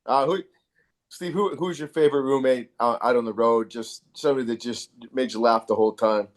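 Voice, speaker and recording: A man hosting a podcast, asking relaxed, casual questions. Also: mid-range voice, fairly quick. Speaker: podcast host. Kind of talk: casual chat.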